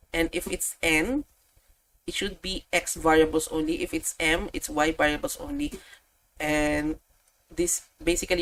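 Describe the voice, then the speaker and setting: Woman math tutor, slow, kinda chatty, corrects herself a lot. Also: lowish voice, a bit bright, slight background noise, rough recording. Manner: thinks aloud, self-correcting, chatty asides. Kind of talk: casual tutorial walkthrough.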